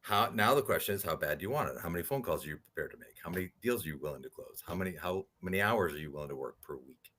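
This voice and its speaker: A very deep-voiced man telling his stories as a guest on an interview podcast. He speaks in an animated way and keeps tagging his points with a quick "right?". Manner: animated storyteller, rhetorical "right?" tags. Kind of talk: storytelling interview talk.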